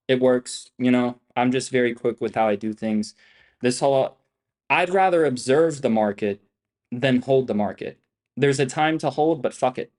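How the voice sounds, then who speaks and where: A man's voice: mid-range voice, a little mellow. A young man trading on a livestream, talking in a brash, profane, rambling and repetitive way. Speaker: livestream trader. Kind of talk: boastful livestream chat.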